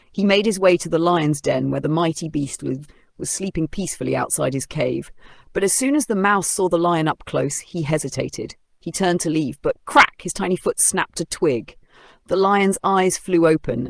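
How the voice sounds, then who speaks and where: An expressive storyteller reading an animated children's tale, with a gravelly texture in the voice. The delivery rises and falls with the story's moments. The recording is close and dry, with no room sound. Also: medium pitch, no echo.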